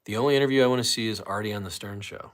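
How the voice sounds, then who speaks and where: An older man hosts a casual livestream, talking rapid-fire in a lowish voice. He rambles and cracks jokes with his chat, sometimes sounding out of breath.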